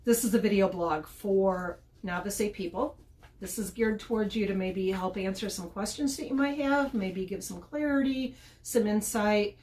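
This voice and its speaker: A woman's voice: mid-range voice, normal speed, darkish tone. A middle-aged woman hosting a casual advice vlog, chatty and often repeating words as she restarts. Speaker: podcast host and dog trainer.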